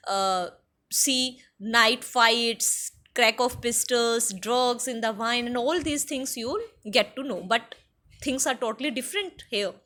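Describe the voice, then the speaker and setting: A woman teacher with an Indian accent, reading a textbook chapter aloud and paraphrasing it slowly for her students, with many fillers. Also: on the high side, pushed and bright. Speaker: English teacher. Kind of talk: classroom lesson explaining a textbook chapter.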